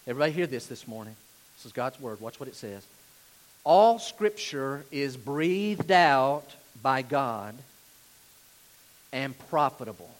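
A man delivering a sermon in a church, his voice pitched high for a man. He leans hard on repeated phrases and lets his volume rise and fall sharply. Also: poor audio. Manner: emphatic, repeats key phrases, varies loudness widely. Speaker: pastor.

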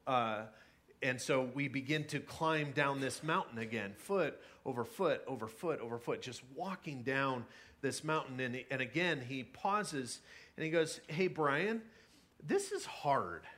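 A man's voice: medium pitch, a little slow, pushed and bright. A young adult man, a pastor, preaching a conversational sermon with many fillers and restarts. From California.

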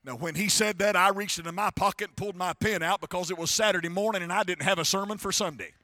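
A male preacher, voice pitched high and ringing bright. He tells stories and climbs to shouted crescendos. The recording is close and dry. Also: quick pace, no echo. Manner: rising to shouted crescendos, storytelling. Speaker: pastor. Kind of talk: sermon. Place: church.

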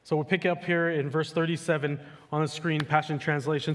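A man preaching a sermon in a church sanctuary, speaking casually and conversationally. His voice sits a little high for a man. A long reverb from the hall trails behind every phrase. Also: level tone, a little fast, hardly any pauses, a bit bright. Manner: casual and conversational, with many "like" and "you know". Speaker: pastor.

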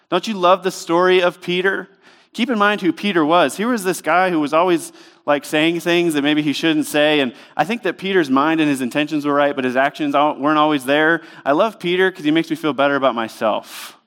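A man's voice: on the high side, moderate pace, a bit bright. A man preaching a sermon in a church, speaking in a conversational, emphatic way with lots of rhetorical questions. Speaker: pastor.

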